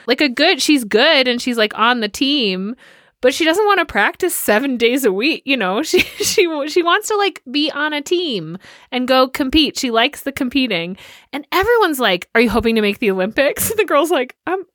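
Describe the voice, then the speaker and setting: Lively higher-voiced chatty woman. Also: moderate pace, no echo. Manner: lively, laughs often. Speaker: podcast co-host. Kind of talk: casual chat.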